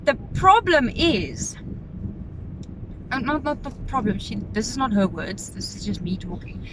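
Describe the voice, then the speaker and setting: A woman's voice: fairly high pitch, big pitch swings, a little slow, noisy background. A woman with a South African accent chatting openly on a casual vlog from her car, emotional and rambling with many restarts. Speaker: vlogger. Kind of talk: casual confessional vlog while driving.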